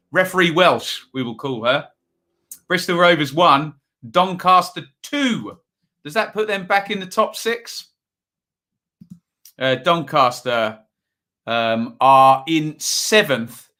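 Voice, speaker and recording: Bright-voiced man hosting a stream. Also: on the high side, animated, slow pace. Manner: chatty, reads out chat messages and scores. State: tired. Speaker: live stream host. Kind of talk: casual live-stream chat and score updates.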